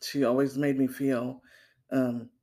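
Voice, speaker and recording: An older woman guest speaking hesitantly, with many pauses and fillers. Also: extremely low pitch, flat delivery, dark tone. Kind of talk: interview conversation.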